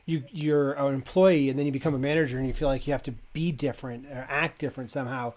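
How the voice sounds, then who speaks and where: A man hosting an interview, offering quick, musing remarks in conversation. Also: medium pitch, steady tone, darkish tone. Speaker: interview host.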